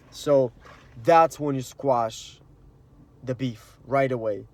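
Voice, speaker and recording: A man's voice: medium pitch, takes it slowly, long pauses, darkish tone, slight background noise. A man giving a rambling, earnest spiritual monologue in casual slang, with plenty of "you know" and "like". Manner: rambling and earnest, acts out quoted inner voices. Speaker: spiritual vlogger.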